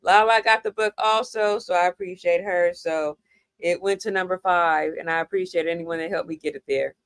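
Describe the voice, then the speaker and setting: A woman from New York hosting a casual chat show, chatty and quick to laugh. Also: lowish voice, fairly even intonation, clear, resonant tone, dry recording. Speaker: show host.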